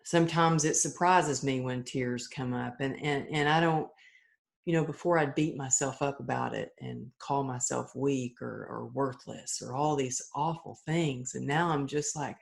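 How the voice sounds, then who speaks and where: A woman's voice: very deep voice, a little slow, creaky. A middle-aged woman, a podcast guest, telling her story candidly and earnestly, often restarting her sentences. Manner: earnest and open, with frequent restarts and acted-out quotes.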